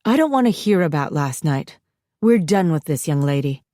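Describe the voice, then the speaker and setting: A woman's voice: sits low, very animated, moderate pace, dark tone, no room sound, clean studio sound. Woman reading as a stern weary mother. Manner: firm and sarcastic.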